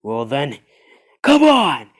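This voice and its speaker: A man's voice: medium pitch, moderate pace, natural voice. A man voicing a brash young ninja hero. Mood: shouting.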